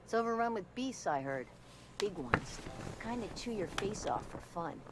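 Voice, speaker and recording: An actress playing a folksy, blunt frontier bartender with a drawling manner, from a video game. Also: female voice, mid-range voice, sing-song, normal speed, very noisy, natural voice.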